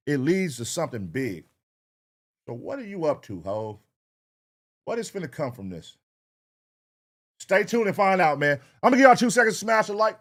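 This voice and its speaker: A man hosting a reaction show, talking casually and profanely straight to his viewers. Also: fairly high pitch.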